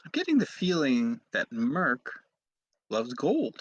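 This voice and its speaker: A man's voice: medium pitch, wildly swooping pitch, takes it slowly, no room sound, highs cut off. A man playing in a tabletop game, easygoing and a bit hesitant. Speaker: player. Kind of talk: casual game chat.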